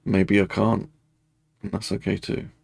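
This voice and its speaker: A man guides a tapping meditation in a heavily gravelly, husky voice, recorded close and dry. He speaks in slow, repetitive first-person affirmations. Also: on the low side, flat delivery, darkish tone, no room sound.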